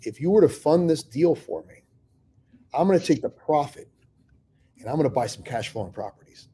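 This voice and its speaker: A man's voice: fairly high pitch, lively intonation, moderate pace, dark tone, husky. A middle-aged man telling his own business story in a casual, profane way, acting out both sides of past conversations. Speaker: real estate investor telling his story.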